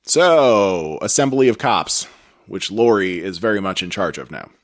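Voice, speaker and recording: A man's voice: sits low, animated, a little slow. A man co-hosting a podcast, recapping a TV episode in a rambling, self-correcting casual chat. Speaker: podcast co-host.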